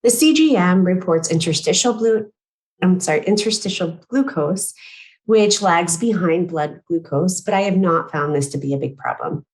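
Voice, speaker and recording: A woman nearing forty reading a prepared conference talk in a measured, careful way, now and then clearing her throat and correcting herself. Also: on the low side, animated, darkish tone, low-quality recording. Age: late 30s. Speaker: patient speaker at a medical conference.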